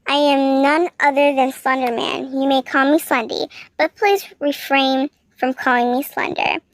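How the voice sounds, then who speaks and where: A woman voicing a tall, faceless, formal male killer, in a polite manner and meant to sound deep and gruff, while reading a fanfiction aloud. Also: fairly even intonation, a little slow, no room sound.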